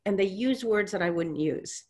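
A woman guest in a casual interview, telling stories in an animated way and acting out what people said, with a reassuring, teacherly manner. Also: medium pitch, normal speed. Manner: animated storyteller who acts out quotes. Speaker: guest, intuitive reader.

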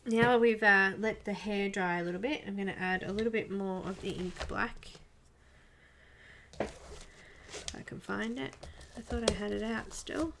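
A soft-spoken woman talks casually through a live coloring stream, her voice slipping into quiet murmurs and whispers now and then. Her tone has a gravelly edge, and a faint hiss of background noise sits under it. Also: mid-range voice, measured pace. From Australia. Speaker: livestream coloring artist.

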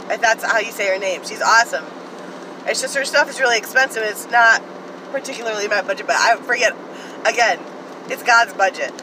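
A woman chatting excitedly to viewers in a casual vlog, talking straight to the camera about her finds. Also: on the high side, noisy background. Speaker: vlogger. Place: in a car, rain outside.

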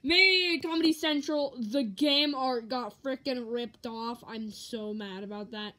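Woman vlogger rambling about her haul, bright kinda high voice, swears a bit. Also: measured pace. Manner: rambling, offhand, mild swearing. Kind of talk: casual haul vlog.

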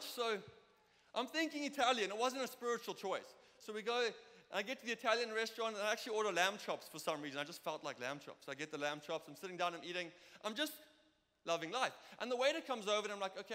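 Young South African man, preacher; high, bright voice; lively storyteller; reverberant church hall. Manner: lively, storytelling, acts out dialogue. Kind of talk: sermon with personal stories.

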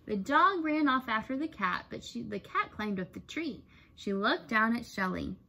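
Animated woman teacher reading aloud. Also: a little high, normal speed, gravelly, slight background noise. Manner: expressive, animated storytelling. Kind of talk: reading a picture book aloud.

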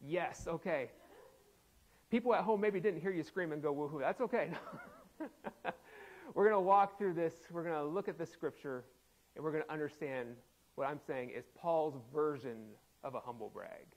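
A man's voice: on the high side, moderate pace, pauses often, rough recording. A man preaching a sermon as pastor, laughing often and acting out quoted voices playfully. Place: church sanctuary.

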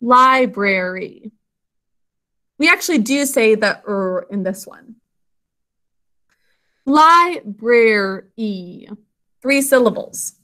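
Brief: a woman as a high, bright-voiced phonics teacher, slowly sounding out words. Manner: slow, drawn-out sounding out of words; encouraging praise for students. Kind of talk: spelling and phonics lesson.

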